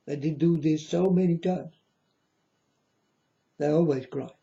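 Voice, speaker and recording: High-voiced, scornful man ranting. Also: unhurried, vocal fry, warm tone. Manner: blunt, scornful, preachy. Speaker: channel host. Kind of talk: ranting monologue. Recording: dull lo-fi recording.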